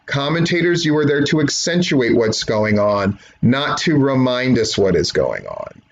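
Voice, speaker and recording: A man's voice: medium pitch, big pitch swings, measured pace, highs cut off. A man reviewing a wrestling match, blunt, profane and opinionated, mocking others in impressions. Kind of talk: profane rant-style review commentary.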